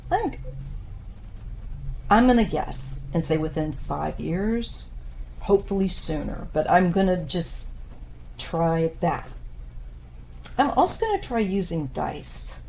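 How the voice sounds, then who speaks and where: Woman, 50s, tarot reader; low, dark, slow delivery with fillers, voice fading, faint background noise. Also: gravelly. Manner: unhurried, thoughtful, with frequent pauses and fillers. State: losing her voice. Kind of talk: casual tarot reading monologue.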